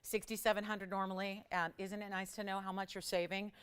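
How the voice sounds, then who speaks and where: Bright-toned chatty woman shopping host. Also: mid-range voice, little pitch movement, smooth. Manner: chatty and enthusiastic, with quick asides and laughs. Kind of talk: live home-shopping sales pitch.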